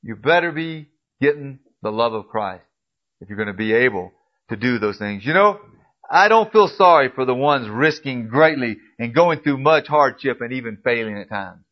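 A man preaching a sermon, pressing his listeners with repeated emphatic questions and swinging from quiet, low asides to loud, rising appeals. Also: lively intonation, normal speed. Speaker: pastor. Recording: dull lo-fi recording.

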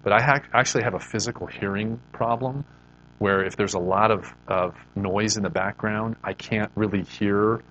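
A man's voice: on the low side, fairly even intonation, normal speed, fairly bright tone, highs cut off, a little hiss or hum. A man giving an earnest, conversational Christian devotional talk. He often repeats words as he restarts his sentences. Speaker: Christian speaker.

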